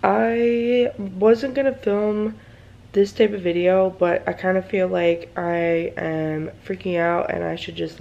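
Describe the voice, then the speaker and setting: Gravelly-voiced anxious young woman vlogger. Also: lowish voice, a little mellow. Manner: anxious, rambling with many fillers. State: groggy morning voice. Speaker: mommy vlogger. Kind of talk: casual vlog chat. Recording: dull lo-fi home recording.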